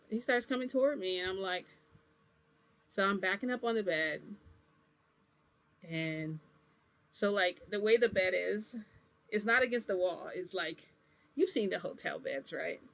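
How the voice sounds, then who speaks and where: A woman's voice: mid-range voice, creaky, a bit bright. Rambling woman telling a story. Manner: rambling, full of "like" and self-corrections. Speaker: vlogger. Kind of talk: casual storytelling.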